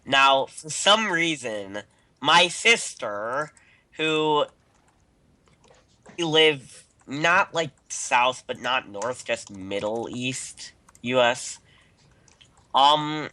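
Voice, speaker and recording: A man's voice: mid-range voice, expressive, extremely slow, bright, forceful tone. A man from the eastern United States playing a game with a friend, goofy and playful in casual banter. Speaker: friend testing the mod.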